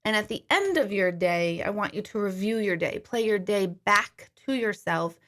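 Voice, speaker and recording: A middle-aged woman, a medium, telling a story in a casual, animated livestream from her kitchen, swearing freely. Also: mid-range voice, normal speed. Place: home kitchen.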